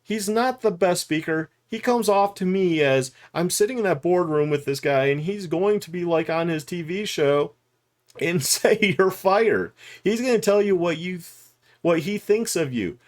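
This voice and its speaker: A man's voice: sits high, moderate pace, a little mellow. A middle-aged man giving candid, rambling commentary to the camera, with restarts and chuckles along the way. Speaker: YouTube commentator. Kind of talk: unscripted talking-head commentary.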